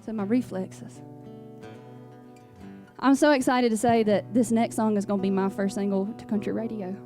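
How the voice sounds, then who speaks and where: A woman's voice: mid-range voice, steady tone, moderate pace, dark tone, faint music behind. A young woman from Louisiana with a thick Southern accent, telling folksy, sassy stories between songs in a radio studio. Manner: folksy, sassy, down-home storytelling. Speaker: country singer. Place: radio station performance studio.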